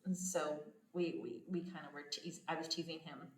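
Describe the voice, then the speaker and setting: With a deep voice, fairly even intonation, and a normal speed, a woman from the United States hosts a podcast indoors at a home abroad. The echoey room carries her casual, chatty storytelling, broken up by frequent laughter.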